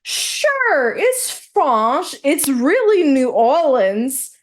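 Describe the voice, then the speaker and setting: A woman's voice: sits high, big pitch swings, extremely slow. A woman co-hosting a podcast in casual chat, who rants and swears freely. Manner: ranting, swears a lot. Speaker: podcast co-host.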